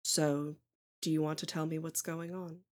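A woman voicing a guarded, regretful middle-aged mother who speaks quietly and in a measured way. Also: deep voice, little pitch movement, natural voice. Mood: earnest.

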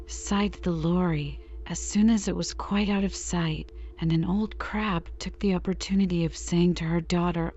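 Lady reading a bedtime story real slow, low-ish mellow voice, kinda whispery. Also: steady tone, muffled recording, soft background music. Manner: soft, unhurried, drifting into whispers. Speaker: audiobook reader.

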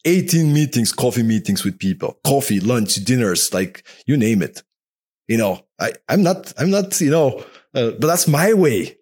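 A talkative, animated man speaking as a podcast guest in casual interview talk, often dropping "man" into his sentences. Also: mid-range voice, normal speed, breathy edge.

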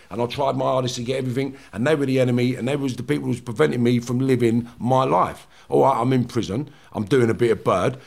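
A man, a former prisoner, talking bluntly and swearing heavily in a casual podcast chat, loud and animated when he retells clashes. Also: medium pitch, gravelly.

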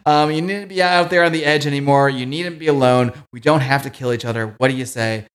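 A man's voice: medium pitch, a little fast, natural voice. A man voicing a grim male masked vigilante, reading his lines in an earnest, pleading tone.

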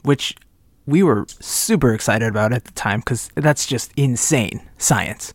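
A man's voice: mid-range voice, a little slow, no room sound. A man co-hosting a casual podcast chat, dropping wry quips and the odd mock-grand speech. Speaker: podcast co-host.

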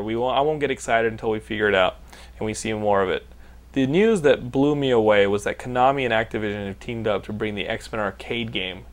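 A man in his thirties from Texas hosting a podcast, telling stories in a loose, animated way, swearing freely and laughing often. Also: medium pitch. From Austin, Texas. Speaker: podcast host. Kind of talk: casual profane storytelling chat.

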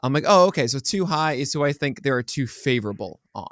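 A man co-hosting a podcast, chatting casually and joking, often trailing off into quieter asides. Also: medium pitch, animated, quick pace, dry recording, clean studio sound. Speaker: podcast co-host. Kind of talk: casual chat.

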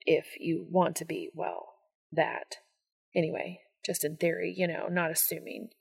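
A woman voicing a shy, tender young man in love, speaking softly and low in a hushed voice. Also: flat delivery, unhurried, gravelly, husky, full character voice.

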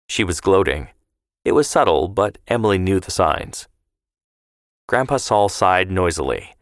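A man reading a scripted story in a measured, even manner. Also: deep voice, no echo, clean studio sound. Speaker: narrator.

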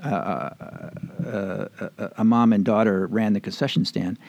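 A man's voice: fairly low pitch, steady tone, unhurried, creaky, a little mellow, no room sound, muffled recording. An older man, interviewed, telling old stories in a rambling, chuckling way with plenty of fillers and restarts. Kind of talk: casual storytelling reminiscence.

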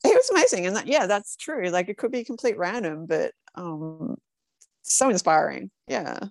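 A woman, an ultra runner, telling candid stories in a casual interview with halting restarts. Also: medium pitch, sing-song, gravelly, dry recording.

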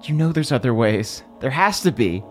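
A man's voice: mid-range voice, very animated, moderate pace, faint music behind, close to an everyday voice. A man voicing a grieving young man who confronts his father, earnest and hurt.

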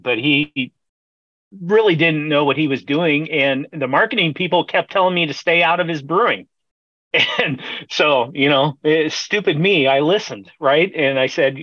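A man's voice: on the high side, no room sound, muffled recording. A middle-aged man, a brewer, telling long stories in a casual interview, rambling with many fillers, restarts and laughs. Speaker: brewer, podcast guest.

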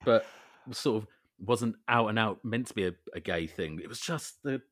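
A man co-hosting a podcast, chatting casually about an old film with wry, drawn-out emphasis and quoted lines. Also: on the low side, expressive, fairly bright tone, no room sound, clean studio sound. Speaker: podcast co-host.

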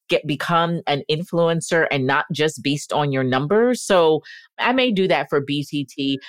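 A woman with a notably low voice co-hosting a casual podcast. She is playful and theatrical, talking straight to her listeners, and the recording is dry and close. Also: no room sound. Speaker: podcast co-host. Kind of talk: casual chat.

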